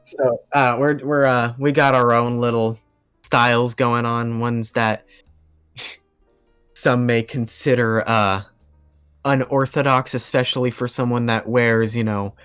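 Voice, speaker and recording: A man's voice: mid-range voice, little pitch movement, slow pace, fairly bright tone, clear, resonant tone, soft background music. A young man telling a long story on a podcast in casual chat, rambling with lots of fillers and laughing as he goes. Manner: rambling, laughing, acts out quoted voices. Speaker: podcast guest.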